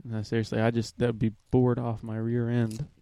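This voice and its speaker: A man's voice: mid-range voice, monotone, fairly quick, dark tone, clean tone, no room sound. A man hosting a casual talk with friends on a studio mic, joking and self-mocking. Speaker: host. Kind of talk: casual banter among friends. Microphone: headphones and studio mic.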